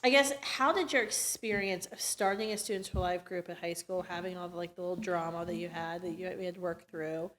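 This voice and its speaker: A woman's voice: fairly low pitch, fairly even intonation, a little fast, hardly any pauses, fairly bright tone, slight background noise. A middle-aged woman hosting a casual interview, chatty and rambling, with frequent fillers and restarts. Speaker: interview host.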